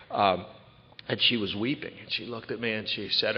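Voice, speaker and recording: Low-voiced man in an echoing hall. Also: normal speed. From Ocean City, Maryland. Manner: candid, conversational storytelling. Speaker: recovery speaker. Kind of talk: personal testimony talk. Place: large event hall. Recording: echoey hall, dull lo-fi sound.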